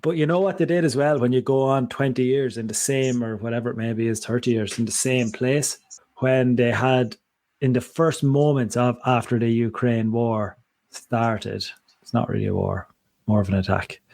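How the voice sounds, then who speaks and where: A man's voice: mid-range voice, fairly even intonation, normal speed, creaky, darkish tone, no room sound. A man co-hosting a podcast in casual chat, rambling and digressive, often breaking off mid-sentence. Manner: rambling, digressive, self-interrupting. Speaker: podcast co-host.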